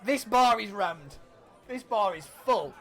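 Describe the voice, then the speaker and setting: A man narrates a tabletop game as game master, casual and a little halting. His voice sits high and sounds bright. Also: lively intonation, gravelly, soft background music.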